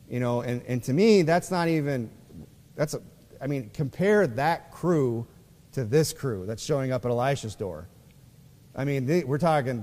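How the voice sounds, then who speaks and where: A man's voice: mid-range voice, darkish tone. A man preaching a sermon in a loose, conversational way, with frequent fillers, and reading scripture aloud. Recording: long reverb of a church hall.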